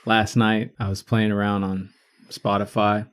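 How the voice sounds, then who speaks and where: A podcast co-host with a fairly low voice, talking in a relaxed, rambling way. He drifts through fillers as he reviews music in casual chat with friends. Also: unhurried, clean tone. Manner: laid-back, rambling, trails off into fillers.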